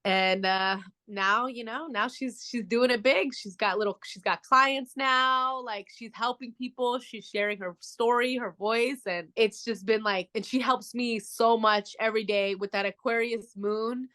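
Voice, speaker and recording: A woman's voice: a little high, fairly even intonation, unhurried, hardly any pauses, pushed and bright. A young adult woman co-hosting a podcast, chatting casually with lots of fillers like "dude" and "like". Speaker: podcast co-host. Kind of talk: casual chat.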